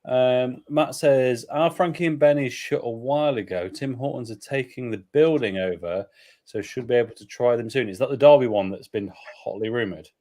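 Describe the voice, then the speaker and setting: A man's voice: medium pitch, moderate pace, dark tone. A man from England co-hosting a casual beer live stream, joking and rambling as he reads viewer comments aloud at home.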